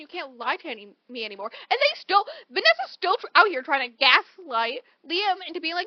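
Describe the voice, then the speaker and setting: A woman co-hosting a relaxed book podcast speaks fast, in a high voice, with few pauses, animatedly summarizing a story and acting out character lines. The recording is muffled and has no room sound.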